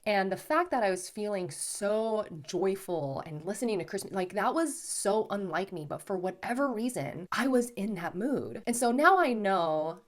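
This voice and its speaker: A woman host casually recounting a spiritual experience to her viewers, chatty and animated, often saying "like" and "okay". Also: medium pitch, normal speed, hardly any pauses. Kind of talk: casual storytelling to camera.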